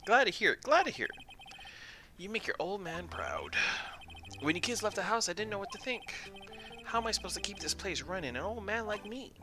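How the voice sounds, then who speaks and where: A streamer voicing a worried older man who keeps a boat shop, fretful and raised in pitch, with game music behind. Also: big pitch swings, a little fast, close to an everyday voice.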